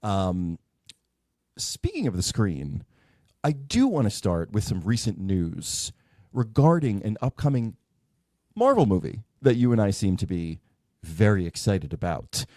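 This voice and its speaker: A man co-hosting a casual podcast, animated and laughing often. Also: fairly low pitch, a little slow, dry recording, clean studio sound. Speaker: podcast co-host.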